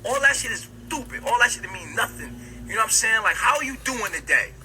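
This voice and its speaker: A man's voice: sits high, big pitch swings, fast talker, bright, forceful tone. A man lecturing emphatically and profanely in a casual, heated chat. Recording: noisy played-back stream audio.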